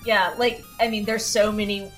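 A woman's voice: mid-range voice, flat delivery, moderate pace, faint music behind. A woman co-hosting a casual podcast, talking animatedly with lots of fillers, restarts and laughter. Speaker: podcast co-host. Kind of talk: casual chat.

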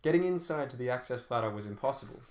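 A man's voice: medium pitch, expressive, fast, a little mellow. A man narrating an action novel as an audiobook, telling fight scenes dramatically with shifting pace. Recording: roomy echo.

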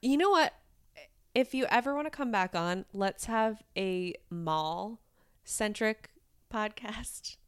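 A woman's voice: mid-range voice, slow, smooth, no echo, studio quality. A woman hosting a podcast in casual chat, playful and theatrical, fond of calling people honey. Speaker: podcast host.

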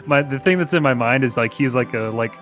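A man's voice: mid-range voice, a bit bright, faint music behind. A man co-hosting a podcast, chatting casually and jokingly as he reads fan fiction aloud. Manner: joking, breaks into laughter and quick put-on voices. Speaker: podcast co-host.

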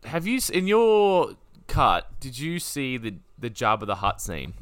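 A man co-hosting a podcast in casual chat, animated and joking, swearing freely. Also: medium pitch, unhurried, clear, resonant tone, dry recording. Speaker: podcast co-host.

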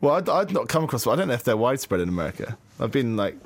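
A young British man co-hosting a casual podcast, rambling through stories with many pauses and fillers. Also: mid-range voice, big pitch swings. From Britain. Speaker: podcast co-host. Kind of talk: casual chat.

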